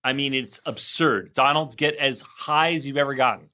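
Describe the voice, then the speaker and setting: A man in his forties co-hosting a podcast, talking in an easy, rambling way with frequent laughs and repeated false starts. His voice has a bright, forward ring at an ordinary pitch. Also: moderate pace. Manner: chatty, laughs often, stammers into restarts. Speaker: podcast co-host. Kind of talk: casual chat.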